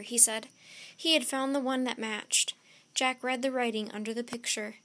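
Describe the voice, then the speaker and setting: A woman storyteller reading a children's chapter book aloud, slow, deliberate and expressive. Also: on the high side.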